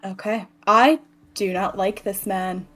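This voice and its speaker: A woman's voice: medium pitch, fairly even intonation, takes it slowly, a bit bright, faint music behind. Laid-back woman tabletop player. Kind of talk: casual tabletop play.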